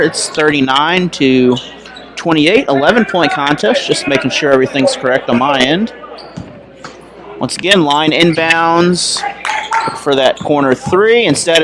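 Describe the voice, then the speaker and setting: Young male play-by-play announcer, casual and chatty, slightly high voice, noisy gym. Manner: casual, chatty, self-correcting. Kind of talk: high school basketball commentary.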